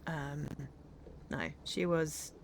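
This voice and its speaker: Chatty English woman streamer, lowish voice. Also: drawn-out words, a little hiss or hum. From northern England. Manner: rambling, self-interrupting, chatty. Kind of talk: casual chat while playing a game.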